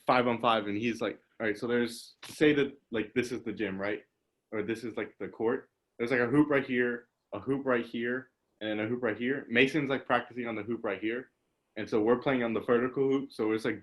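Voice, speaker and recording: A young man hosting a casual podcast over a video call, telling stories in a rambling way with lots of "like" and laughter. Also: mid-range voice. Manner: rambling storyteller, laughs often, says "like" a lot. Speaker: podcast host. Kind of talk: casual chat.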